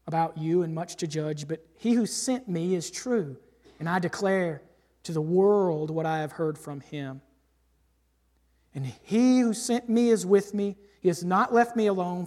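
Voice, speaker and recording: Guy preaching in a church, high voice, big echo tail, goes from loud to hushed. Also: normal speed. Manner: emphatic, swings from loud declarations to hushed asides. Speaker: pastor. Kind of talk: sermon with scripture reading. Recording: long hall reverb.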